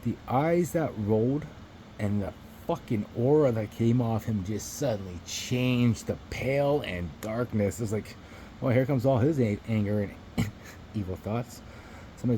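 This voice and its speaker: A man's voice: medium pitch, unhurried, dark tone, slight background noise, rough recording. A man vlogging to his phone camera, telling a rambling story in a casual, profane way and chuckling between remarks.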